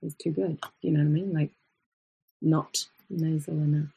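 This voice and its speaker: A woman's voice: deep voice, fairly even intonation, normal speed, creaky, husky, phone-quality sound. A woman with an Australian accent teaching a live online singing lesson, chatty and breaking into short vocal demonstrations as she explains. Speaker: voice coach.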